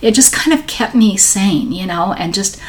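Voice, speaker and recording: A woman's voice: mid-range voice, moderate pace. A woman, a podcast guest telling her story in a rambling, heartfelt way. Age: 60s. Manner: warm, emotional, rambling storyteller. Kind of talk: conversational interview.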